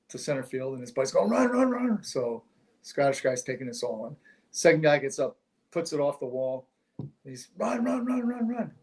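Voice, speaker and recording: A man in casual conversation as a co-host. He tells jokes and short yarns and lands each one on a quick punchline. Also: mid-range voice, a little mellow. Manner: joke-telling with quick punchlines. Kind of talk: casual chat.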